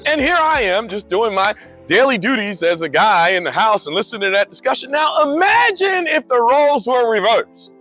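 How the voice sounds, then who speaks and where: A middle-aged man telling joking stories in a casual monologue, animated, laughing often and repeating words. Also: very high-pitched, moderate pace, soft background music. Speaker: motorcycle vlogger.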